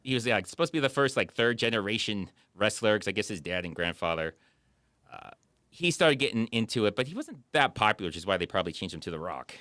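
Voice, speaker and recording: Lively chatty man, close and dry. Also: fairly low pitch, fast talker, no echo. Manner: animated, rambling, frequent fillers. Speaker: podcast co-host. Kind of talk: casual chat.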